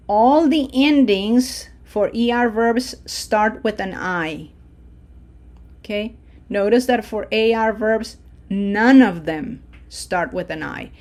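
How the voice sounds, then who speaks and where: A woman teaching a language lesson, modeling words slowly for repetition and checking in with frequent "okay?". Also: medium pitch, darkish tone. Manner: patient, drawn-out model phrases for repetition. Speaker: Spanish teacher. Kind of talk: slow pronunciation lesson.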